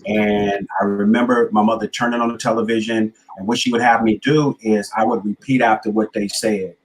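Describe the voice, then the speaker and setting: A man with a fairly low voice tells his story in a talk-show interview. His cadence is earnest and motivational, and it builds like a preacher's. He sounds middle-aged. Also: fairly even intonation, fairly quick, rough recording. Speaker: guest speaker and author.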